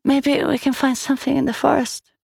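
A woman voicing a defiant, rude young girl who shouts back at her stepmother. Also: high-pitched, little pitch movement, fairly quick, vocal fry, dry recording, clean studio sound, pitched above the performer's own voice. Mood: curious.

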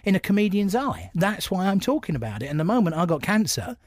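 Blunt, jokey man, fairly high voice. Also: big pitch swings, fast, dry recording, studio quality. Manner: jokey, blunt, acts out other people's voices. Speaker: stand-up comedian guest. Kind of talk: casual interview storytelling.

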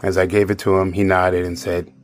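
A man narrating a personal anecdote from his bar job in a measured, dry way. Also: low-pitched, little pitch movement. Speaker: storyteller.

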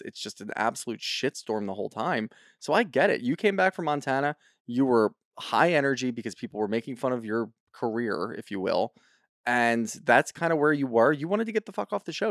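A man's voice: mid-range voice, no echo, clean studio sound. A man co-hosting a podcast, bluntly and profanely riffing on reality TV in casual chat. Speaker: podcast co-host.

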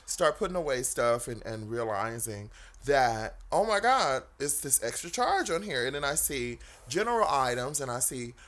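Lively woman telling a story. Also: rumbling low, moderate pace. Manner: animated, acts out both sides of dialogue, laughs often. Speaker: podcast co-host telling a story. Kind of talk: casual comedic storytelling. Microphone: studio microphone.

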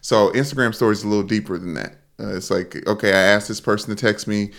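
Low-voiced man with dry podcast humor. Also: fairly even intonation, fast talker, vocal fry, a bit bright. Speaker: podcast co-host. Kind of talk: casual sports chat.

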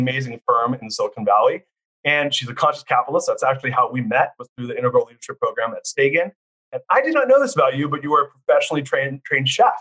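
A man hosting a podcast, energetic and enthusiastic, full of exclamations. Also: mid-range voice. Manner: hyped, enthusiastic, rapid exclamations. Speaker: podcast host.

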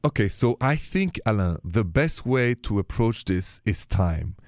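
A man with a French accent hosts a radio advice show on love, his voice sitting fairly low. He speaks in an earnest, gently persuasive way. The studio sound is close and dry. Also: big pitch swings, unhurried, dry recording. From France. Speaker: radio relationship advice host. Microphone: studio microphone.

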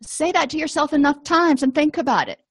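A woman's voice: sits high, animated, brisk, no room sound, clean studio sound. A middle-aged woman therapist teaching a skills lesson in a conversational, explanatory way with casual asides. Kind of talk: lecture.

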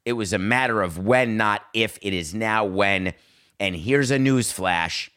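A middle-aged man hosting a sports talk show, animated and sarcastic, slipping into mocking voices. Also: fairly low pitch, unhurried, clean tone. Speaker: podcast host.

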